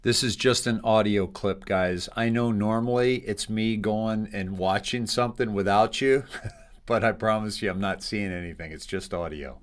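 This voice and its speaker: A man hosting a live show, talking in a rambling, halting way with lots of fillers. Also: on the low side, a little hiss or hum. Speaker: host.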